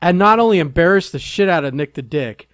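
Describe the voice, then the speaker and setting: A man's voice: on the high side, expressive, brisk, fairly bright tone, clean tone, no room sound, clean studio sound. A man co-hosting a podcast in casual chat, teasing and eager, laughing often. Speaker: podcast co-host.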